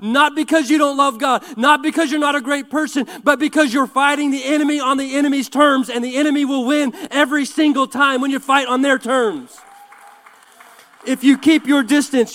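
A pastor with a strikingly high male voice delivers a fervent sermon, building to shouted peaks between casual asides. His words carry a long reverb from the church sanctuary. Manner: fervent, preaching with bursts of shouting and quick asides.

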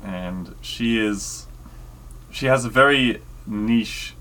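A man co-hosting a podcast in easygoing casual chat, often halting to find his words. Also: fairly low pitch, pushed and bright. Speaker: podcast co-host.

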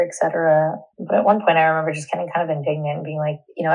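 A young woman giving a candid, indignant personal account in an interview, halting and restarting as she speaks. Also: deep voice, flat delivery, vocal fry, low-quality recording.

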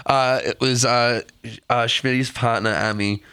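A man's voice: mid-range voice, fairly even intonation, takes it slowly, sharp tone, smooth, no room sound. A man, a podcast co-host, telling crude stories in casual chat and laughing a lot.

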